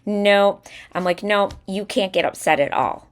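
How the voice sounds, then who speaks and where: This podcast co-host, a woman in her thirties, speaks in a mid-range voice at a slightly slow pace. Chatting casually, she shares tales of her children and performs her son's words with lively flair.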